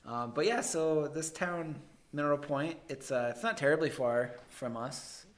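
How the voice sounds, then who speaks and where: A man from the American Midwest co-hosting a podcast, telling a story in a rambling, halting way and laughing easily. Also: on the high side. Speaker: podcast co-host. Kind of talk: casual chat.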